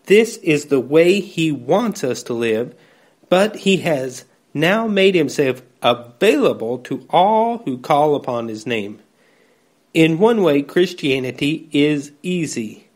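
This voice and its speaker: Slow, measured male preacher. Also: a little high, animated. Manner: slow, measured reading with scripture quotes. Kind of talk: devotional sermon.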